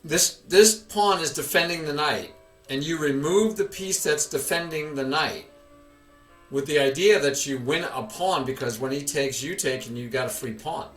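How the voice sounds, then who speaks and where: Male chess teacher, patient, question-asking, slightly high voice, roomy echo. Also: moderate pace, a bit bright, recorded from a distance, faint music behind. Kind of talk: online chess lesson.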